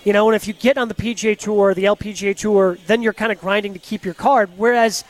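Male radio co-host, high-pitched, casual, loose delivery with frequent restarts. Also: steady tone, fast. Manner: conversational, restarts and repeats words. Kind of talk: casual sports radio chat.

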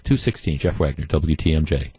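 A man's voice: extremely low pitch, a little fast, over loud music. A man hosting a talk radio show, delivering a conversational monologue with emphatic opinions from a studio mic.

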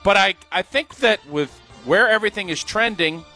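A man co-hosting a sports radio show, talking in a bright, fairly high voice. He is opinionated and animated and laughs often, with faint music in the background. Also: moderate pace. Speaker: radio co-host and former football player. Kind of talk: casual sports talk.

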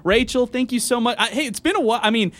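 A man's voice: extremely high pitch, fast, fairly bright tone. A man hosting a casual sports talk radio show, chatty and upbeat. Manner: upbeat, chatty, friendly interviewer. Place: radio studio. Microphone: studio microphone.

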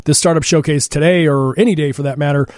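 Fast-talking joking male radio host. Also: fairly high pitch, fairly even intonation, a little mellow, no echo, studio quality. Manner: fast, joking, loose with fillers. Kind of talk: casual radio talk. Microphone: studio microphone.

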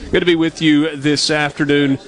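Upbeat radio host, slightly high voice. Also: male voice, level tone, a bit bright. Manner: brisk, upbeat ad-read delivery. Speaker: sports talk radio host. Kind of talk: sports radio talk with live ad reads.

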